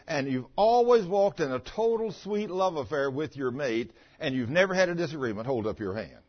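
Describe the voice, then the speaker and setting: A pastor, preaching and telling personal stories in a folksy, chatty way with stammering restarts. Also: male voice, fairly high pitch. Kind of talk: sermon with personal storytelling. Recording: muffled lo-fi recording.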